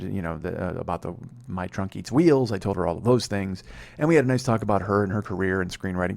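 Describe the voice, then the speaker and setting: A man's voice: lowish voice, vocal fry, a little mellow. A man in his forties, a comedy podcast host telling a rambling, profane, sardonic story. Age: 40s.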